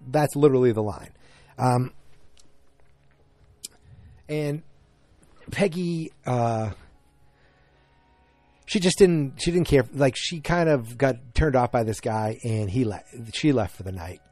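A man casually recapping a TV episode, halting and rambling with frequent restarts. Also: mid-range voice, a little mellow, dry recording, faint music behind. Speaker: show recap host.

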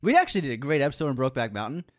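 A man's voice: mid-range voice, sing-song, rapid-fire. A man co-hosting a casual film-news podcast chat, joking and laughing often. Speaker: podcast co-host.

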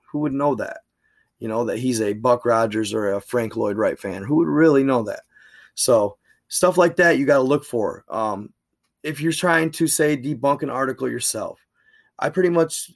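Guy reading some old diary out loud, mid pitched, keeps stopping to chat about it. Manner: plain reading broken by chatty asides. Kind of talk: reading a diary aloud with commentary.

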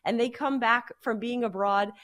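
High-voiced chatty woman talking football. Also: moderate pace. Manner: chatty, animated, laughs easily. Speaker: sports podcast co-host. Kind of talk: casual sports chat.

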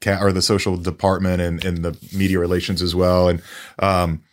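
Deep-voiced male reporter, halting, thoughtful podcast co-host. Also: flat delivery. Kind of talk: casual sports podcast chat.

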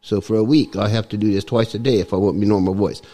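A man's voice: lowish voice, fairly even intonation, quick pace, mellow, lightly acted. A man putting on a Cockney accent while telling a rambling tall tale with chuckles in a garage. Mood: joking.

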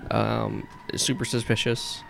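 A man's voice: fairly low pitch, little pitch movement, takes it slowly, gravelly, a bit bright. A man narrating a tabletop game as game master, casual and chatty with lots of fillers and laughter.

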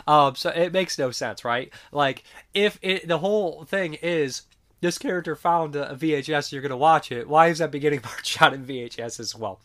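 A man's voice: medium pitch, a little fast, fairly bright tone. A man casually reviewing horror movies, rambling with many fillers and frequent swearing, while sick.

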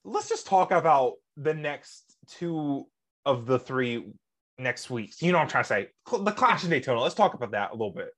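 A podcast co-host in loose, casual chat. The voice swings widely in pitch, lively and animated, often trailing off mid-thought or laughing. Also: normal speed.

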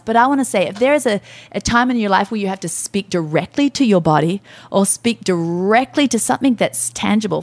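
A middle-aged woman co-hosting a faith-based podcast, talking earnestly and emotionally about grief and hope. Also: medium pitch. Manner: earnest, emotional, quotes herself speaking to her body. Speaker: podcast co-host.

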